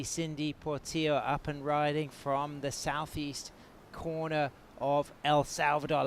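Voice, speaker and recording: An English-accented man calls a surf contest live, his play-by-play flowing steadily at a middle pitch. A faint hum of outdoor noise sits behind his voice. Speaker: surf commentator. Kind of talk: live sports commentary.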